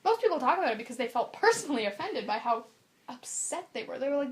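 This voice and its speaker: Young woman podcast co-host, fairly high voice, animated and opinionated, casual chat. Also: fast talker. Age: young adult.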